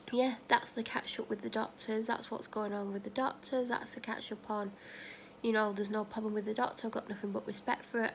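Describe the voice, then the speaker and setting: A woman's voice: fairly high pitch, creaky, a little hiss or hum. A woman chatting casually in a vlog, rambling through run-on asides and retelling conversations. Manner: retells conversations, acting out both sides. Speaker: vlogger.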